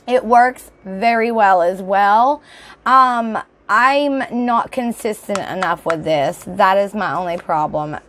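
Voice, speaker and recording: A woman's voice: medium pitch, slow, a bit bright, a little hiss or hum. A young adult woman vlogging in casual chat, rambling with fillers while showing products, her voice a little off and throaty. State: voice slightly off, throat clearing.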